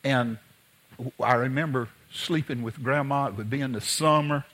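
A man preaching a sermon in a folksy, conversational way, mixing scripture with childhood stories and sometimes dropping to a hush. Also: mid-range voice, normal speed. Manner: folksy, conversational, drops to a hush when telling a story. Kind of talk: sermon with personal storytelling.

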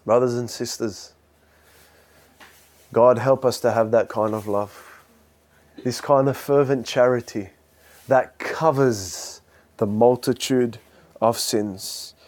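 A man preaching a sermon, swinging from loud, high exhortation to quiet, low intensity. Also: steady tone, takes it slowly, pauses often.

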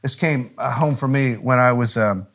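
A middle-aged pastor preaches a sermon with a medium-pitched voice at normal speed. He tells a story with frequent restarts, dropping to a hushed, nearly whispered voice at tender moments.

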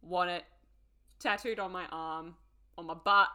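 A woman co-hosting a podcast in casual chat, gushing and excitable, laughing often. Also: fairly low pitch, a little slow, long pauses, clear, resonant tone. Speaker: podcast co-host.

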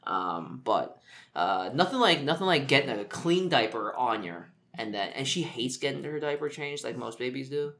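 A man's voice: mid-range voice, animated, normal speed, a bit bright. Rambling, jokey male podcast co-host. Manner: rambling, jokey storytelling with many fillers. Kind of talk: casual chat.

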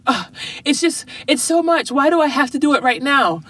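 A woman's voice: sits high, animated, moderate pace, a bit bright, pitched above the performer's own voice. A mom mimicking a whiny sixth-grade girl. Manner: whining, protesting.

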